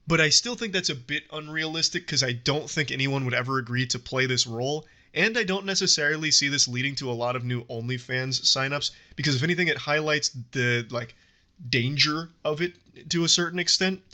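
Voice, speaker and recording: A man reading a scripted commentary narration with wry, hyperbolic drama. His voice sits a little high, and its tone is very bright and sharp. He leans into exaggerated imagery for comic effect. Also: fairly quick. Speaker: commentary YouTuber.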